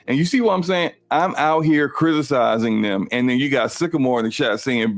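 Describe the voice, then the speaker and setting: A man's voice: mid-range voice, brisk, few pauses, no room sound, soft background music. A man co-hosting a gaming podcast, talking casually and insistently, often repeating words as he argues a point. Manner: rambling, emphatic, repeats words when arguing. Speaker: podcast co-host.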